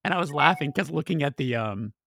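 A man hosting an interview podcast, asking relaxed, curious questions with plenty of filler words. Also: a little high, fast talker, gravelly, no echo, clean studio sound. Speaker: podcast host. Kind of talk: casual interview.

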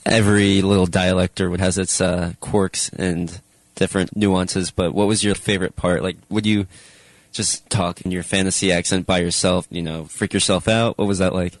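A male interviewer asking casual, somewhat halting questions. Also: low voice, flat delivery, no room sound.

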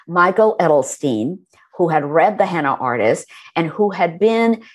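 A woman author being interviewed, who tells her stories in a warm, animated way. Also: fairly low pitch, unhurried. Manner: warm, storytelling, animated when recalling moments. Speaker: author and guest. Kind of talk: conversational interview.

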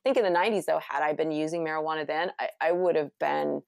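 A middle-aged woman from California, chatting casually and telling a story with animated acted-out quotes. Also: low voice, fast talker, creaky, dry recording, studio quality. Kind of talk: casual conversation.

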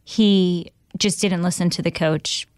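A woman hosting a casual chat and giving thoughtful, gentle advice. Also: lowish voice, fairly even intonation, takes it slowly, no echo, clean studio sound. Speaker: host.

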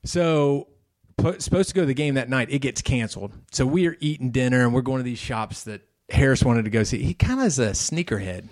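A man's voice: medium pitch, fairly quick. A middle-aged man co-hosting a podcast, telling a family story in casual chat and acting out voices in quotes. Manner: animated, acts out his son's voice in quotes. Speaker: podcast co-host.

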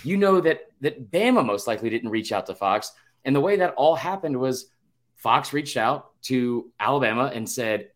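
A man's voice: mid-range voice, lively intonation, a little fast. Young male co-host, rambling and profane, casual sports chat. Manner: rambling, profane, many restarts and fillers. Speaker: podcast co-host.

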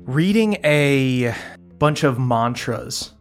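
A man's voice: medium pitch, animated, drawn-out words, faint music behind. A man running a tabletop game as game master, casual and chatty, with many fillers.

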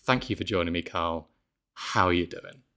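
A man's voice: deep voice, normal speed, creaky, pushed and bright. A man hosting a podcast in casual chat, laughing often and poking fun at himself. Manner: laughs often, self-deprecating. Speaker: podcast host. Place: apartment in Mexico.

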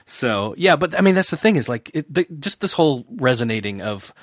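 A man hosting a casual podcast chat, talking earnestly in halting, restarting phrases. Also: medium pitch, very animated, dry recording, studio quality.

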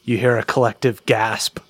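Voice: medium pitch, fairly bright tone, no room sound. Casual rambling game master. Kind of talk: narrating a tabletop game.

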